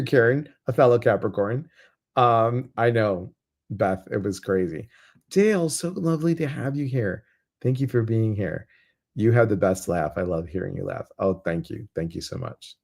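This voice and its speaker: Man, meditation host, very deep voice, gravelly, chatty, reads out comments. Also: darkish tone. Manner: chatty, reads viewer comments aloud, laughs easily; slow soothing guidance. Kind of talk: live guided meditation with chat.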